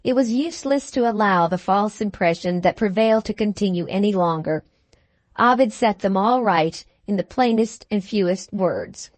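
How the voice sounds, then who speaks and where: A woman narrating a classic novel as an audiobook in a measured, expressive way. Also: mid-range voice, no echo. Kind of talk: scripted narration.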